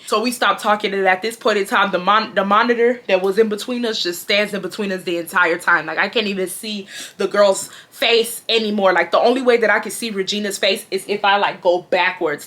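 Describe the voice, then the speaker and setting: A woman, telling a casual storytime with slang and swearing. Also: mid-range voice. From Houston, Texas. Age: 20s. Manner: animated, slangy, swears freely. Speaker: storytime vlogger.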